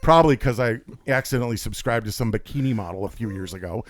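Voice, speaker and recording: A man, the guest on a podcast, telling rambling stories with lots of energy and jokes. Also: fast. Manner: high-energy, talkative, jokey, does voices for quotes. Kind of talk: rambling storytelling chat.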